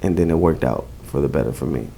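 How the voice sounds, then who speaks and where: A man's voice: a bass voice, fast, gravelly, warm tone, slight background noise. A man with a New Jersey accent talking casually in a podcast interview, emphatic and slangy, repeating phrases. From Newark, New Jersey. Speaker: event host and guest.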